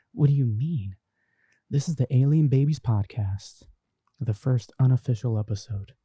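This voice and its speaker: A man's voice: medium pitch, a little slow, dark tone, breathy edge, no echo. A young man hosting a casual podcast, reading viewer comments aloud and chatting about them. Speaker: podcast host reading live chat. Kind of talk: casual live-stream chat. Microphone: desk microphone through a mixer.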